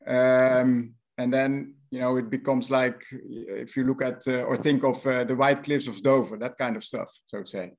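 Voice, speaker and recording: A middle-aged man with a Dutch accent, answering interview questions as a company director, explaining technical matters haltingly with many fillers. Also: medium pitch, steady tone. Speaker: guest, managing director of a remediation firm.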